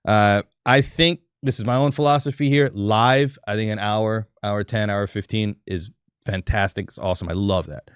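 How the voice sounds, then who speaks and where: Laid-back low-voiced comedian guest. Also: male voice, smooth, no room sound, studio quality. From New York. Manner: relaxed, chatty, laughs often, quick restarts. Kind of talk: casual podcast interview.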